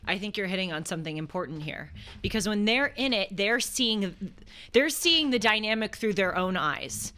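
Measured woman co-host giving opinions. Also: mid-range voice, lively intonation, sharp tone. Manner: measured and opinionated, explaining in full sentences. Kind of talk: casual conversational talk show.

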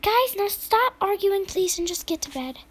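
A woman's voice: very high voice, expressive, moderate pace, noisy background, voice pushed up. A woman voicing a fussy, newly divorced mother in a toy role-play, chatty and sighing.

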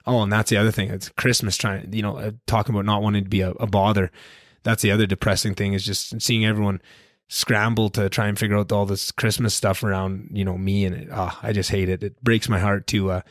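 Young male podcast host; fast, rambling, self-deprecating delivery; low voice; dry close recording. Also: level tone, no room sound. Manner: rambling, self-deprecating, many fillers and restarts. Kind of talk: casual podcast chat.

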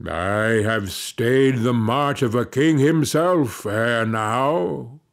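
A man's voice: medium pitch, drawn-out words, gravelly. A man voicing an aged, ghostly Puritan champion who speaks with solemn, stern command in archaic words. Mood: stern prophetic.

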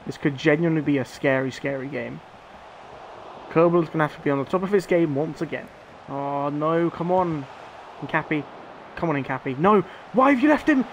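Young streamer, excitable live game commentary, slightly higher voice, faint hiss behind. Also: male voice, fairly quick, pauses often. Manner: excitable, shouts at players, swears. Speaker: gaming streamer.

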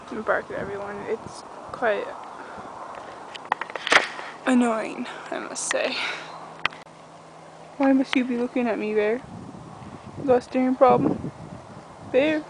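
In a backyard vlog shot on a trampoline, a young woman rambles and giggles in a casual chat, her voice a little high with fairly even intonation, a measured pace and long pauses. The noisy outdoor camcorder audio picks up a dog barking nearby.

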